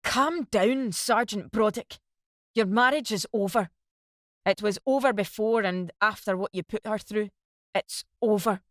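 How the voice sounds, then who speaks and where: A woman's voice: fairly low pitch, a little slow, dry recording, clean studio sound, natural voice. A woman voicing a young lieutenant who speaks hard and firm, keeping control.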